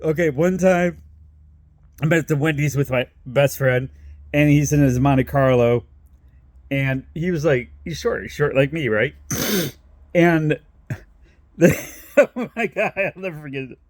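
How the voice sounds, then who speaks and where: A man's voice: a little high, measured pace, pauses often, dry recording. A man from Toledo, Ohio telling rambling personal stories in a casual vlog, laughing often, swearing freely and doubling back on himself.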